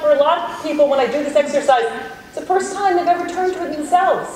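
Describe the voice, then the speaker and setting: A woman's voice: high-pitched, fast, darkish tone, slight background noise. A middle-aged woman giving an encouraging keynote talk to a live audience in a large hall, sometimes acting out inner voices. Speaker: keynote speaker. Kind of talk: motivational keynote talk with guided exercise. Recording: very echoey hall, voice from far off.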